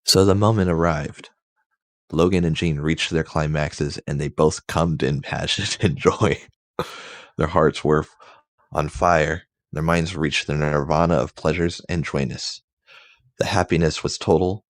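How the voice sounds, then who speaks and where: A man with a very low voice reads fiction aloud for comedy. He goes slowly and haltingly and trips over words, and the sound is dry and close. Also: fairly even intonation, no room sound. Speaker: host reading comic fiction aloud. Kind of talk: mock-dramatic comedy reading.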